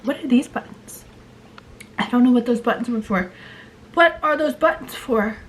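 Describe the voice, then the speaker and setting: A woman's voice: fairly high pitch, normal speed, slight background noise. A woman in her twenties chatting casually to her camera in a vlog, rambling with lots of "like" and restarts while her throat is sore and her voice sounds off. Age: 20s. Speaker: vlogger. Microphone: handheld compact camera.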